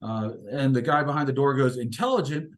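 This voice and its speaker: A man's voice: mid-range voice, steady tone, a little fast. A man leading an inspirational discussion, telling stories in a reflective, hesitant way with many fillers. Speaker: discussion leader. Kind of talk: inspirational talk with storytelling.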